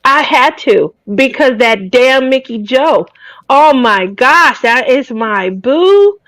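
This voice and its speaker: A woman's voice: high voice, animated, takes it slowly, a bit bright, no echo, poor audio. A woman hosting a craft channel, telling stories in casual chat, emotional and tearful.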